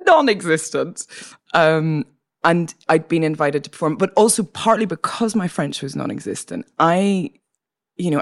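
A woman from Northern Ireland with a Northern Irish accent, a guest poet telling a story in a casual interview with laughter and many restarts. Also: low-pitched. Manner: animated, laughing, full of restarts and asides.

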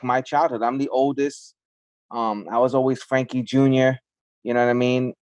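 A man's voice: medium pitch, no echo. Reflective man from the Bronx. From South Bronx, New York. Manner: reflective, many fillers. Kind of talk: casual podcast chat.

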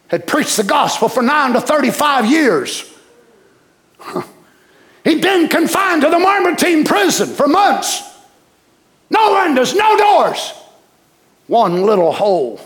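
A man preaching a sermon, passionate, swinging from shouts down to whispers. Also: extremely high pitch.

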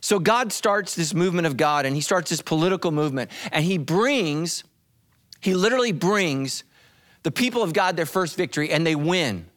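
A man preaching a sermon as pastor, dramatic and animated, acting out voices as he tells the story. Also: on the high side, normal speed.

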